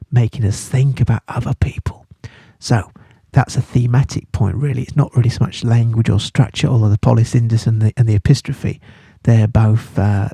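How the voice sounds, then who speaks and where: A man's voice: medium pitch, gravelly, dark tone, husky, no room sound. A man teaching a casual study-guide lesson, chatty and playful, with jokey asides. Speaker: English literature teacher.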